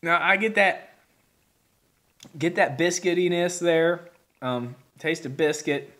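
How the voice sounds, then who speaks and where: A man's voice: a little high, takes it slowly, a bit bright. A man reviewing a beer on camera in a rambling, folksy way, with lots of fillers and restarts. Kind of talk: casual video review.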